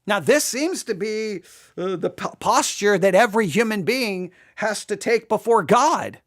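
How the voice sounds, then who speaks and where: A Bible teacher giving an exegetical study, talking in an animated way, acting out quoted lines and often restarting sentences. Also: mid-range voice, unhurried. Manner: animated, acts out quoted speech, frequent restarts.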